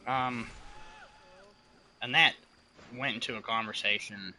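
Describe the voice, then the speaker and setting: A man's voice: medium pitch, fairly even intonation, slow pace, pushed and bright, a little hiss or hum. A young man streaming a game and chatting casually, telling a long story in an emphatic, profane way. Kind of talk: casual rambling chat.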